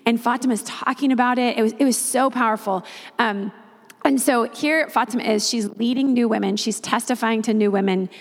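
A woman's voice: on the high side, fairly quick, in a large hall. A woman missionary telling a testimony story, often retelling what others said in their own words.

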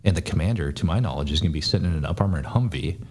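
A deep-voiced man talks fast and bluntly, swearing freely as he tells a long story. He is a former soldier speaking as a podcast guest, relaxed and conversational. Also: husky. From United States. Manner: blunt, profane, fast-talking. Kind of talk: casual storytelling.

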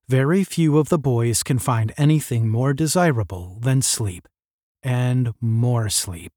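A man's voice: mid-range voice, no echo. Man reading a story aloud, dry close sound. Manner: measured, storytelling. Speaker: narrator. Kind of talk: audiobook narration.

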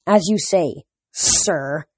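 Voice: medium pitch, very slow, slightly rough, no room sound. A reader voicing a cruel male monster with a French accent, stiff and fawning toward his boss and sneering at others. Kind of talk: audiobook character voice.

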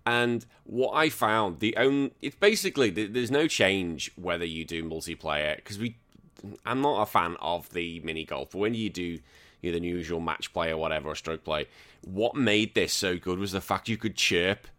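Man, podcast host, casual gaming chat, fairly low pitch, bright tone. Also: moderate pace. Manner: animated, swears, acts out game voices.

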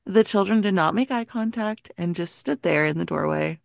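A woman on a podcast, chatting and narrating a spooky story in an earnest, measured way. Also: on the low side, gravelly, dry recording, studio quality. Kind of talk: casual chat and story narration.

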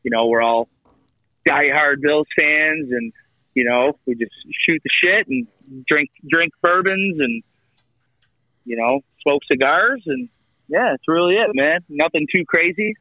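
A man's voice: a little high, a little slow, dry recording. A man with a Buffalo accent, calling in as a podcast guest, friendly and easygoing. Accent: Buffalo, New York. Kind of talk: casual chat over a call. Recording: dull, muffled call audio.

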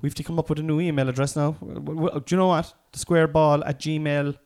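An Irish man hosts a loose comedy podcast, his voice sitting a little higher than most men's. He rambles through his points in casual, sweary asides. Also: level tone, fairly quick, a little mellow. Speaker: podcast host.

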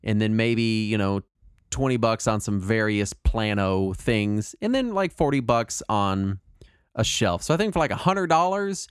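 A man co-hosting a casual podcast chat, talking in a rambling, animated way with lots of fillers and restarts. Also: lowish voice, a little slow, clean tone, no echo, clean studio sound. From Texas. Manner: rambling, animated, puts on silly voices when quoting people. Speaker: podcast co-host.

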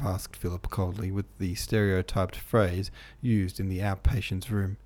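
A man reading a classic novel aloud in a steady, measured way, with the odd small slip. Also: low voice. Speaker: audiobook narrator.

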